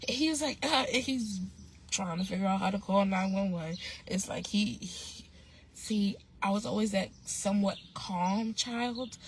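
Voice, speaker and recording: A woman's voice: mid-range voice, measured pace, slight background noise. A woman vlogger telling a story in a casual, slangy way, rambling with restarts and fillers.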